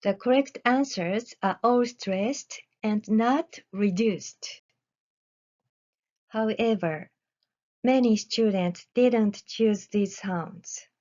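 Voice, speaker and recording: Reading her academic presentation slowly and deliberately, a woman researcher leaves careful pauses between phrases. Her mid-range voice is warm, though the recording is dull and lo-fi.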